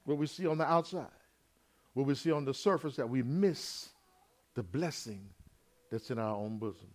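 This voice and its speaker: A man's voice: medium pitch, normal speed. A man preaching a sermon, retelling a parable in folksy everyday speech and acting out its characters as he goes. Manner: animated preaching, acts out the brothers and father in plain voices, folksy grammar.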